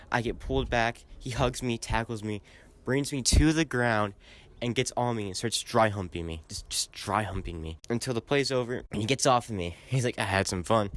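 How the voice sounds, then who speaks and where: A young man telling a personal story in a casual, rambling way, with lots of "like" fillers, and getting loud and worked up when he is annoyed. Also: on the low side. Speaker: gaming channel host.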